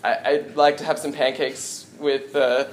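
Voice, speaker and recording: A man's voice: medium pitch, flat delivery, measured pace. Rambling young male stand-up comic. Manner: rambling, self-deprecating, frequent ums. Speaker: stand-up comedian. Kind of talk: live stand-up comedy. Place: small coffeehouse with a live audience. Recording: echoey room, noisy live audience.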